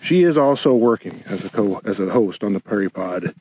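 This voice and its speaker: A man, a podcast co-host, giving a relaxed, chatty field update from outdoors with birds around. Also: on the low side, brisk, rough recording. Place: outdoors on a prairie. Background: birds and light outdoor noise.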